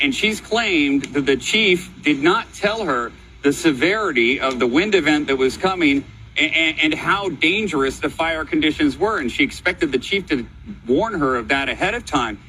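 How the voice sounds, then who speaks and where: A male reporter in a news interview, speaking in a measured, skeptical way. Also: mid-range voice, sharp tone, slight background noise, low-quality recording.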